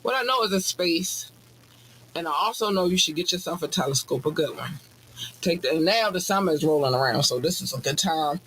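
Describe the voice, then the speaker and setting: A man hosting a podcast, talking in a casual comedic monologue with animated, profane, jokey ranting. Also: brisk, slight background noise, low-quality recording. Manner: animated, profane, jokey ranting with sudden high-pitched outbursts. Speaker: podcast host.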